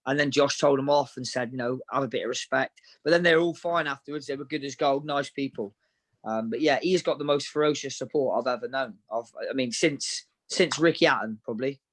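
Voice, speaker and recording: A man recounts his fights in a relaxed, frank interview. His voice sits at an ordinary middle pitch. He talks matter-of-factly and in anecdotes. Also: brisk. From Devon, England. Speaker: professional boxer, interview guest. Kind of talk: casual interview storytelling.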